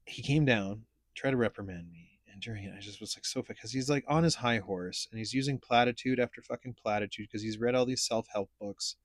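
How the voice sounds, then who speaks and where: A man's voice: fairly low pitch, brisk, few pauses, no room sound, clean studio sound. A man hosting a casual podcast chat, telling stories in a blunt, profane, rambling way. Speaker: podcast host.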